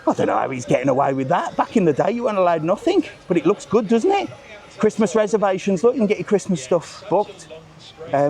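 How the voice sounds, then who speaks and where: A middle-aged man chatting cheekily as he walks a resort street live, filming on a handheld phone and greeting passers-by. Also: a little high. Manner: chatty, cheeky, swears casually, greets strangers loudly. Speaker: vlogger host. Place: outdoors on a busy resort street.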